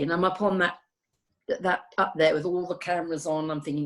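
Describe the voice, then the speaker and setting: A woman nurse chatting casually, telling stories in a rambling, animated way. Her voice sits a little low. She drifts from one tale to the next. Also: fairly quick, vocal fry. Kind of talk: casual chat.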